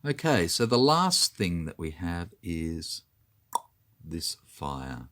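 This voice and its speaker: A man's voice: low voice, big pitch swings, slow, fairly bright tone. A man talking through his moves in a tabletop wargame, methodically counting dice and spaces aloud. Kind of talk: talking through a board game turn.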